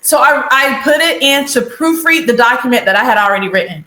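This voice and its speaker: Bright, animated woman guest, higher voice, roomy room sound. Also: a little fast. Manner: animated, laughs often. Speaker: guest, leadership consultant. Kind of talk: conversational interview.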